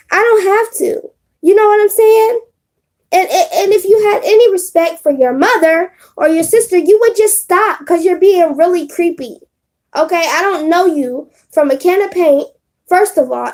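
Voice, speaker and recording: A woman's voice: very high-pitched, lively intonation, moderate pace, a little mellow. A woman doing a casual live stream on her phone, talking bluntly and with profanity straight to her chat. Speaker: live streamer giving readings.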